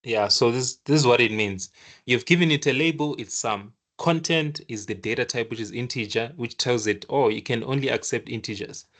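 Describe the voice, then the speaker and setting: A man teaching a programming lesson while sharing his screen, speaking casually with frequent restarts and lively acted-out asides. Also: medium pitch. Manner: casual and animated, acts out the computer scolding in quick asides; halting restarts while thinking aloud. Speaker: programming tutor. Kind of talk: screen-share coding lesson.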